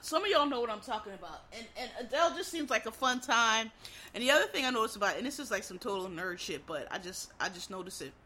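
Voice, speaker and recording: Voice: mid-range voice, animated, fast, bright, forceful tone, low-quality recording. A vlogger from Philadelphia with a Philadelphia accent, rambling casually and profanely to viewers as "y'all".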